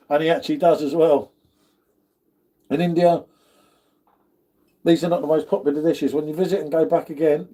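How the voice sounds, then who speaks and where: A British man hosts a casual livestream, chatting with viewers, reading their comments aloud and calling everyone "mate." His voice sits on the high side with a dark tone.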